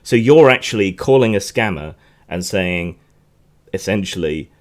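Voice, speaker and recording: Deep-voiced man, chatty commentary. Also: lively intonation, measured pace. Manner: rambling, chatty, frequent restarts and asides. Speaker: podcast host. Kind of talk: casual news commentary.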